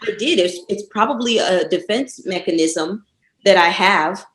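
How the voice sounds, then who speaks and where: A woman guest on a casual podcast interview, telling stories lively and laughing often. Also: mid-range voice, measured pace, reverberant, slight background noise, poor audio.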